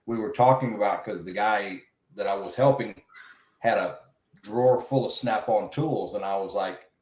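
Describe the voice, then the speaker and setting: A man telling a casual shop story, animated and mimicking the people he quotes. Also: on the low side, moderate pace, roomy sound, poor audio.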